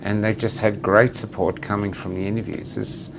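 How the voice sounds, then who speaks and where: A man's voice: on the low side, normal speed, vocal fry. Aussie bloke co-hosting a chat show, middle-aged, acts out the quotes in his stories, slight background hiss. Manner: animated storyteller, acts out quotes. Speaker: co-host. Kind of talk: casual chat.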